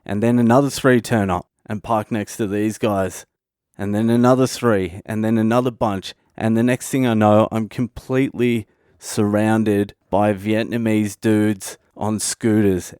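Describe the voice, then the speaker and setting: A man's voice: on the low side, a little slow, clean tone, no echo, studio quality. Profane Australian man telling stories. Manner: profane, animated storyteller. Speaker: comedian podcast host. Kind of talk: comic storytelling monologue.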